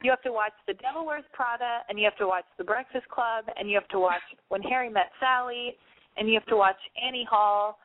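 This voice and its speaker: A woman hosting a call-in advice show, pouring out sympathy in an emotional, reassuring way. Her fairly high voice comes through dry and narrow, like a phone line. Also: fairly quick, no echo. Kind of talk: casual call-in advice chat.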